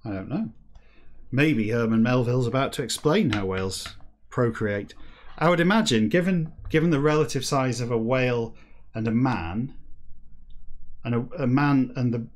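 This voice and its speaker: A British man muses aloud in a comedic podcast, wry and deadpan, wandering from thought to thought. His voice sits in a middle pitch, and he slows to a halting drawl whenever he reads a passage. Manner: rambling, wry and deadpan, slowing to a halting drawl when reading backwards. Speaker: podcast host reading a novel backwards.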